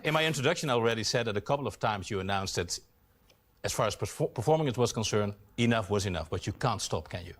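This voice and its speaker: A man's voice: on the low side, lively intonation, fast talker. A man from the Netherlands hosting a television interview, jovial and teasing as he asks questions. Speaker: TV show host.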